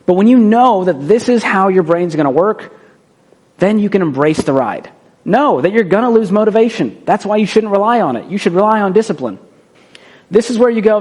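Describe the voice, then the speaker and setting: A man with a high, light voice delivers a motivational talk. He speaks in short, punchy lines and keeps it conversational, checking in with the listener by asking "right?". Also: expressive, a little fast, a little mellow. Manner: acts out quoted voices for effect.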